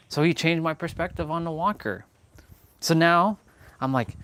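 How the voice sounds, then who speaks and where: A man's voice: on the high side, moderate pace, long pauses, a bit bright, a little hiss or hum. A young man from Canada hosting a fitness livestream, talking casually with a laid-back, slangy, laughing manner.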